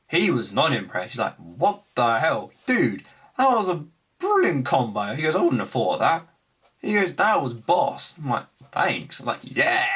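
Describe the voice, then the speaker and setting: A young man casually recapping his card game tournament, animated, acting out his opponents' remarks. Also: medium pitch, slightly rough. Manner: animated storytelling, acts out opponents' lines.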